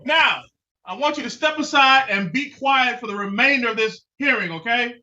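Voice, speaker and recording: A stern man judge presides over a hearing on a video call. His voice sits high and sounds bright and tense, coming through dull, muffled call audio. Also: normal speed. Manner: stern, firm commands.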